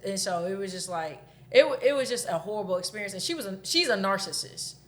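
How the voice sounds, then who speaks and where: A woman's voice: medium pitch, expressive, fast talker. A woman in her thirties, a podcast co-host, telling a breakup story candidly in casual chat and swearing freely.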